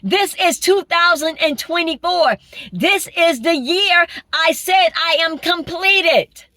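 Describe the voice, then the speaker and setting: A woman's voice: very high voice, takes it slowly, bright, forceful tone, no echo. A woman giving an informal spiritual sermon, emphatic, repeating phrases and asking rhetorical questions. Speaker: spiritual preacher.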